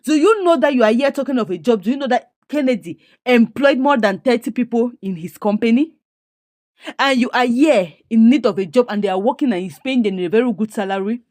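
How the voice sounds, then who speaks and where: A woman's voice: on the high side, expressive, fairly quick, a little mellow, no echo, studio quality, lightly acted. A woman with a Nigerian accent quoting a pushy, scheming male friend in her own voice. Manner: pushy, exclaiming.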